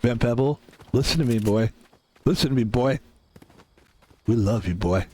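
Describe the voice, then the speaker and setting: A man's voice: medium pitch, normal speed, dark tone, pitched below the performer's own voice, lightly acted. A man voicing an adoring male fan who gushes over the streamer in an over-familiar way. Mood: coaxing.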